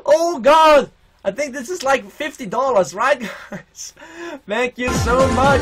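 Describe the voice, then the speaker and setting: A young man livestreaming a game, shouting and swearing, overwhelmed and emotional, his voice strained from yelling. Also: very high voice, slow, a faint crowd. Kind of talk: excited live game-stream commentary. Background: loud game music.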